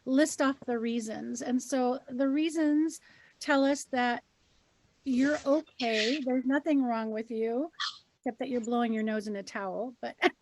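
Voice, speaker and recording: A woman co-hosting a podcast, calmly and reassuringly giving gentle advice in casual chat. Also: fairly high pitch, measured pace, slight background noise. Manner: calm, reassuring, gently advising. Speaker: co-host and healer.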